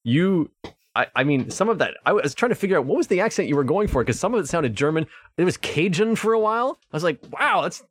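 A man's voice: a little high, very animated, fast, no echo. A man co-hosting a podcast in casual chat, joking and laughing. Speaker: podcast co-host.

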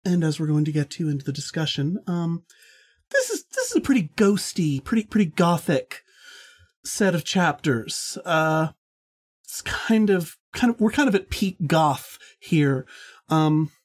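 A woman co-hosts a casual podcast chat. She teases gently, weighing her words with plenty of fillers. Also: low voice, very animated, measured pace. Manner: teasing, hesitant with fillers. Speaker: podcast co-host.

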